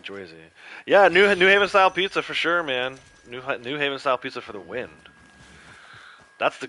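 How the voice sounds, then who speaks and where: Laid-back man with a bright voice. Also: on the low side, a little hiss or hum. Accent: Connecticut. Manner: laid-back, rambling, chuckling. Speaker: streamer. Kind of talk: casual chat while streaming gameplay.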